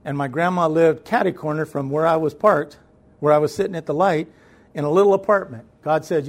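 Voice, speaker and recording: A man telling a personal story as a guest, animated and conversational, acting out the voices in it. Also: a little high, fairly quick. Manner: conversational, with repeated fillers and restarts.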